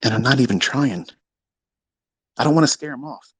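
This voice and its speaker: A man ranting crudely and mockingly as a trading educator, swinging from low mutters to loud outbursts. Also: expressive, moderate pace, husky, no room sound. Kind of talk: profane rant.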